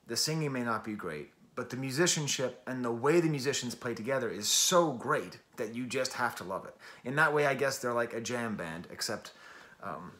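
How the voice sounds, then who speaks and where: A man's voice: mid-range voice, a bit bright. A man hosting a casual music review, talking enthusiastically and chattily with self-deprecating asides.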